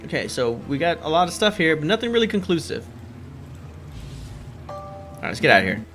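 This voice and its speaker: A man's voice: a little high, fairly quick, long pauses, faint music behind. A man casually commenting on a game and reading the hero's lines aloud. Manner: animated, chatty, reads lines aloud. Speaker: let's play host.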